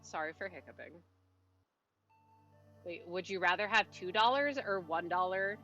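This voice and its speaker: A woman game streamer rambles to her chat with a bright, sharp-edged voice, breaking off mid-thought and laughing under her breath. The mic sounds dull and lo-fi, and soft game music plays faintly underneath. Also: fairly low pitch, lively intonation, moderate pace. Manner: rambling, self-interrupting, chatty with little laughs. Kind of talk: casual live-stream chat while playing.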